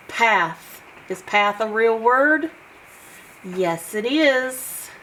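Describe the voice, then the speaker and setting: A woman teaching a phonics lesson, sounding out letters one by one in a slow, patient way. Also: on the high side, expressive, fairly bright tone, a little hiss or hum, rough recording. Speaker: homeschool teacher.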